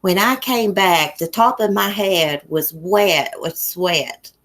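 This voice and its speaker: A woman with a deep, low voice and a thick Appalachian country accent, from a small mountain town in Southwest Virginia. She hosts a relaxed livestream, chatting folksily with her viewers and laughing easily. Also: takes it slowly. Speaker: YouTube livestream host. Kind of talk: casual livestream chat reading comments.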